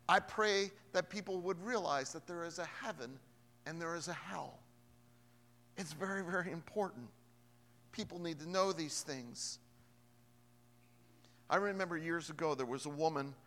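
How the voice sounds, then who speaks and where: Male pastor, slightly high bright voice, emphatic sermon delivery, long reverb of a big hall. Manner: emphatic, shifts from hushed storytelling to loud preaching.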